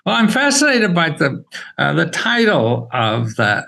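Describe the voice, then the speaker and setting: An older man talking as a podcast guest, animated and laughing often, with his voice jumping high when he gets excited. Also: a little slow, vocal fry, rough recording. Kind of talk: casual interview talk.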